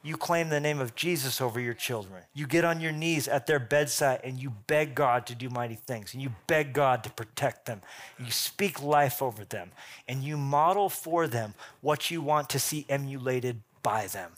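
A man preaching a sermon as pastor, punchy and animated, with quick asides and jokes. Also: medium pitch.

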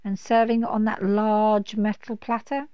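A woman voicing a big, lazy, sly male dragon in a storybook, with a low, gravelly voice and a grumbling drawl. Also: little pitch movement, a little slow, mellow, no echo, muffled recording, lightly acted. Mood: mocking.

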